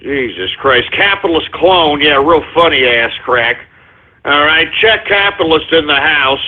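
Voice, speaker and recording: Over thin, tinny audio resembling a phone line, a high-voiced, gravelly male talk radio host unloads a profane monologue. He's exasperated, and his ranting keeps leaping into shouts.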